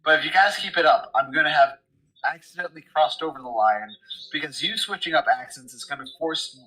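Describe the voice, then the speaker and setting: A man's voice: a little high, animated, fairly quick, bright, forceful tone, rough recording. A man playing in a tabletop game, bantering in a dramatic, exasperated way with the group. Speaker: player. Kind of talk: casual tabletop game chat.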